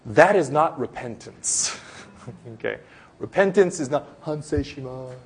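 A man's voice: on the high side, lively intonation, unhurried, creaky, breathy edge. A man preaching a sermon in a loose, conversational way, with many fillers and restarts. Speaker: pastor.

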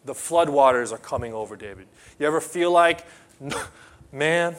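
A pastor for whom English is a second language preaches emphatically, swinging from loud outbursts to quiet asides. His voice is fairly high and his pace measured.

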